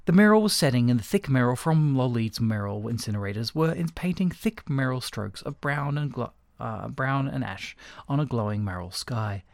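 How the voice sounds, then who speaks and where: A man reads a comic story aloud with lively, expressive narration. His pitch swings freely across a moderate, mid-range voice. The sound is dry and close to the mic. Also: moderate pace, creaky, dry recording. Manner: expressive, animated reading.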